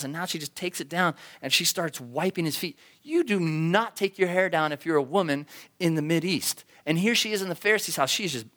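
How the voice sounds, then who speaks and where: A man preaching a sermon, telling a story with animated delivery and acted-out voices. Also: on the high side. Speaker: pastor.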